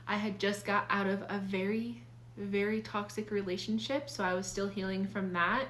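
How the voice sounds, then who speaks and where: A woman's voice: mid-range voice, steady tone, moderate pace, fairly bright tone, a little hiss or hum. A young adult woman talking casually and earnestly about her own life, confiding, with many fillers and restarts. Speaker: vlogger sharing life advice. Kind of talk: casual personal talk.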